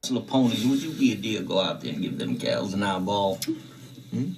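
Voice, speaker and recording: A man's voice: on the low side, a little fast, lightly acted. An actor playing a pompous, flamboyant male plantation owner with a drawl, in a film. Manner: smug, drawling, theatrical.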